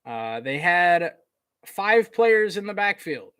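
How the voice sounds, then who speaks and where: A man giving casual live play-by-play commentary on a college football game, chatty, with fillers, getting excited on big plays. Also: high voice, slow pace, clean tone, no echo, studio quality.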